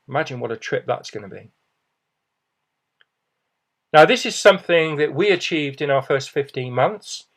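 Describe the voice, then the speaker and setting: In a somewhat high voice, this middle-aged man makes a persuasive business pitch. He keeps reassuring his listeners, frequently dropping in "you know" and "okay."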